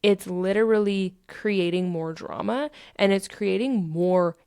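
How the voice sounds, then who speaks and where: A woman's voice: medium pitch, a little slow, a little mellow, clear, resonant tone, no echo, studio quality. A woman hosting a self-help podcast, talking in a candid, emphatic way with frequent swearing and repetition for emphasis. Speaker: podcast host.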